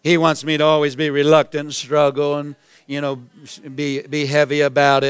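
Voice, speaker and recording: A man preaching a sermon as pastor, emphatic and repetitive, building to shouted declarations. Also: a little high, monotone, moderate pace, clear, resonant tone, no room sound. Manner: emphatic preaching, repeats phrases, rises to shouts.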